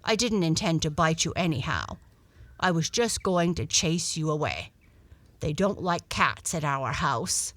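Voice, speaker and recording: A gruff but kindly male dog, voiced by a woman, hearty and blustery with loud, bouncing lines. His slow delivery sits in a dry, close sound with faint music under the storybook reading. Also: sits low, expressive, no room sound, heavily acted.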